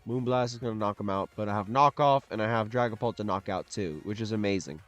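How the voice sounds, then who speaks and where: A man's voice: lowish voice, fast talker, faint music behind. A young man giving casual play-by-play commentary on his own competitive match, talking through each move under his breath. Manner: muttered play-by-play, bursts into loud frustrated shouts. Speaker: gaming commentator. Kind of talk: live game commentary.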